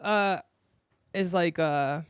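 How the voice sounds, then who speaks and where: A man's voice: sits high, drawn-out words, smooth, dry recording, clean studio sound. A man from Kentucky chatting casually as a podcast co-host, with frequent fillers and restarts. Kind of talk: casual chat.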